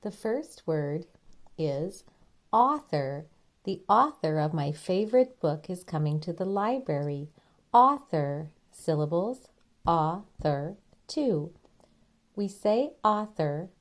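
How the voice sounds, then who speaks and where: A woman leads a spelling lesson in an unhurried, careful way, breaking each word into its syllables and sounds. Her voice sits on the lower side, and she takes her time with every word. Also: expressive. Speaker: spelling teacher. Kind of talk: slow spelling dictation lesson.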